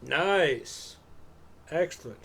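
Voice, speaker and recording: Very slow and gravelly, this man's voice sits on the high side with a slightly rough edge. He co-hosts a live stream show as a podcast co-host, rambling through a casual, profane story with loose, animated storytelling.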